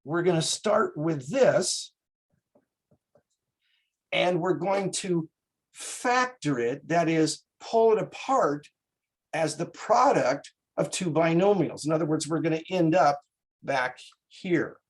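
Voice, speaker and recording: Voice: medium pitch, animated, takes it slowly, slightly rough, rough recording. A math instructor giving a classroom lecture in a folksy way, checking in with students and slipping in small jokes.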